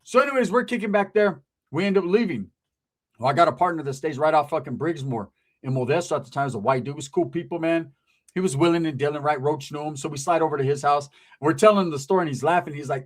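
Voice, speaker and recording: Fast-talking husky-voiced male storyteller. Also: a little high. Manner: rambling, profane, laughs at own story. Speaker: storyteller on a talk show. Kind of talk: casual storytelling.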